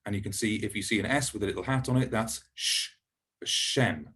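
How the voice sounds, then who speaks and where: A man giving a recorded pronunciation lesson, patient and encouraging, slowing down to model each word for learners. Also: fairly low pitch, a bit bright, breathy edge. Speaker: Hebrew teacher.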